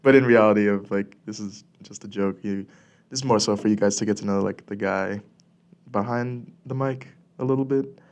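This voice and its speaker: A young man talks close into a podcast mic, rambling loosely with plenty of fillers and false starts. His low voice has a gravelly fry, and he sounds a bit congested from a cold. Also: steady tone, moderate pace, darkish tone. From California. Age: young adult. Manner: rambling, filler-heavy with many likes and restarts. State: congested, clearing his throat. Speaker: podcast host. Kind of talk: casual solo podcast monologue. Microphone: studio podcast mic.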